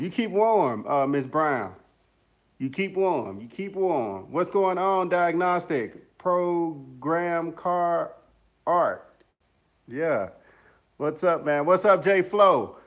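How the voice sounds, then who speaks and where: A man's voice: on the high side, sing-song, takes it slowly. A man casually hosting a livestream, upbeat and chatty, greeting viewers by name and rambling with fillers. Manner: upbeat, chatty, lots of shout-outs and fillers. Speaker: music producer and YouTuber hosting a livestream. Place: home studio in the mountains.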